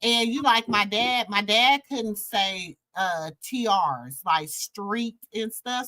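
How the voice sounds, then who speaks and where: A woman from Minnesota with a Southern-tinged accent, hosting a casual live chat and telling relaxed stories. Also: mid-range voice, slow, hardly any pauses, low-quality recording. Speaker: channel host.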